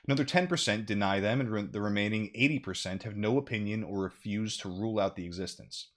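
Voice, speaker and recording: Low-voiced man reading aloud with jokes. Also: quick pace. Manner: profane, jokey reading. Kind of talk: casual chat, reading aloud.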